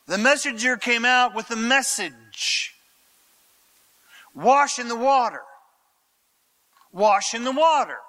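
A male pastor giving a conversational, theatrical sermon. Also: sits high. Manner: animated, theatrical, conversational preaching.

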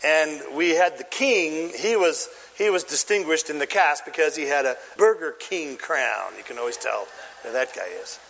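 Animated high-voiced man preaching. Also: normal speed, creaky, long reverb tail. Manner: animated storytelling, asks the audience questions. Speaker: pastor. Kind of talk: sermon.

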